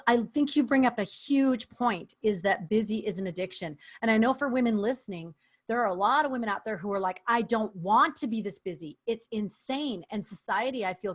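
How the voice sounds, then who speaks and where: A woman hosting an interview podcast, affirming her guest and asking questions. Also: mid-range voice. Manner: warm, affirming, asks questions. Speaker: podcast host.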